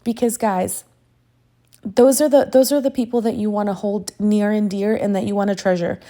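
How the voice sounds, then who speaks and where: A woman's voice: medium pitch, fairly even intonation, moderate pace, mellow. A woman in her thirties hosting a crafting tutorial, chatting casually in a gushing, sentimental way with casual swearing. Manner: sentimental and emotional.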